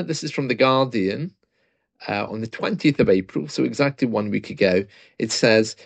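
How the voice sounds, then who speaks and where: A man's voice: mid-range voice, no room sound. A British man talking casually and reading a news report aloud, chatty and self-mocking, with asides and small laughs. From Britain.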